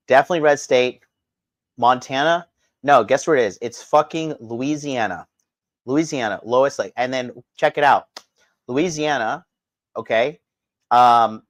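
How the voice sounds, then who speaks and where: A man's voice: mid-range voice, no room sound. A man hosting a livestream, delivering a profane, combative rant and talking straight to his chat. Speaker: livestream host. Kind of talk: ranting livestream commentary.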